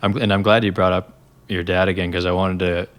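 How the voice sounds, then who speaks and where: Low flat-voiced male interviewer. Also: a little fast, clear, resonant tone. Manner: encouraging, frequent affirmations, rambling question setups. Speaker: podcast host, interviewer. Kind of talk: casual interview conversation.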